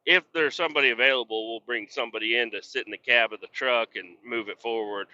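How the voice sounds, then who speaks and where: Profane, bright-voiced ranting man. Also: medium pitch, quick pace. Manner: profane, blunt, exasperated ranting. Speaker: podcast host and truck driver. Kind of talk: rambling casual storytelling. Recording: dull lo-fi sound.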